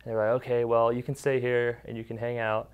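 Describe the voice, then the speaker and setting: A man's voice: medium pitch, quick pace, smooth, narrow, tinny audio. A young man casually recalling camp memories, with lots of "like" fillers, acting out the kids' quotes. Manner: relaxed storytelling, many "like" fillers, acts out kids' quotes. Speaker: interviewee, former camper and counselor. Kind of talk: casual recollection.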